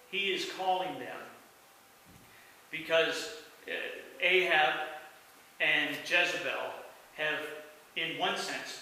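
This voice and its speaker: A man's voice: a little high, bright, forceful tone. A man preaching a sermon as pastor, telling a Bible story and acting out the quoted lines with sudden rises in voice. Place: church sanctuary. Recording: echoey church hall, mic from a distance, faint hiss.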